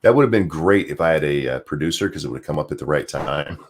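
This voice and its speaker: A man's voice: very deep voice, lively intonation, fast, a little hiss or hum. A man giving casual ranting commentary as host of his own show, sarcastic and swearing freely, often repeating words as he gets worked up. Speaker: commentary streamer.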